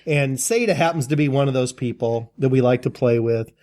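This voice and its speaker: A man co-hosting a casual podcast, speaking in a relaxed and conversational way. His voice sits at an ordinary middle pitch. He often answers his co-host with short agreeing remarks. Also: brisk. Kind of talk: casual chat.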